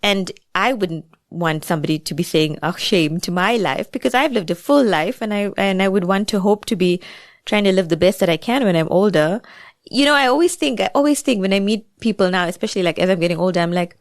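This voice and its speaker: A woman's voice: medium pitch, animated, fairly quick, no room sound, clean studio sound. A woman with a South African accent, a guest author talking through her thoughts in a chatty, reflective way. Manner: reflective, chatty, many asides. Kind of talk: casual podcast interview.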